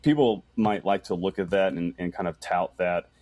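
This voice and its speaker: A man talking as a podcast guest in loose casual chat, rambling with lots of fillers and getting animated in stories. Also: sits low, moderate pace, no room sound. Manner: rambling, heavy use of "like", animated when telling stories. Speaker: podcast guest, camera operator.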